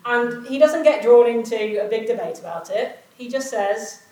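A woman's voice: fairly high pitch, animated, moderate pace, mellow. Woman preacher, conversational sermon, recorded at a distance in a big echoey hall. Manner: conversational, asks the listeners questions. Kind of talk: informal sermon. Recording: roomy echo, voice far from mic.

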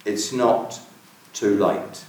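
A man's voice: fairly low pitch, steady tone, very slow, darkish tone. A man preaching a sermon in an earnest way, putting searching questions to his listeners. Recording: very echoey room, voice from far off the mic.

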